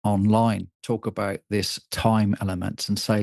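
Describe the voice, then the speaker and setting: A male podcast host with a fairly low voice, asking questions and commenting in a measured, conversational way. The recording is dry and close, with no room sound behind him. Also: little pitch movement, gravelly, darkish tone, no echo. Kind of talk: interview questions and remarks.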